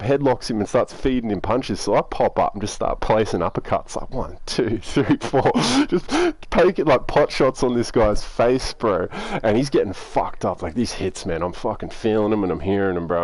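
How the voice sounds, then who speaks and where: Laid-back Australian guy, low voice. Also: darkish tone, no echo. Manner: rambling, laid-back, heavy swearing. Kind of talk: casual storytelling.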